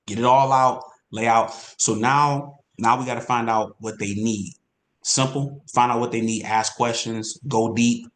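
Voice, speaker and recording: A man giving an energetic, repetitive sales training talk as an insurance coach. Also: medium pitch, a little slow. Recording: roomy echo.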